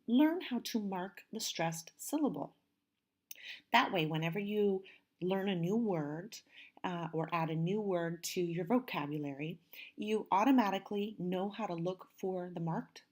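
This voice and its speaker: A woman teacher recording a pronunciation lesson, saying each word slowly and clearly. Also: mid-range voice, a little mellow. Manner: slow, carefully enunciated modeling of words.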